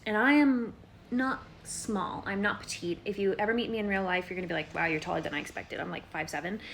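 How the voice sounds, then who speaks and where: Chatty young woman vlogging to camera. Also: slight background noise. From Colorado, United States. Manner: chatty, heavy use of "like", acts out quoted people in higher voices. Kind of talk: casual talking-to-camera vlog.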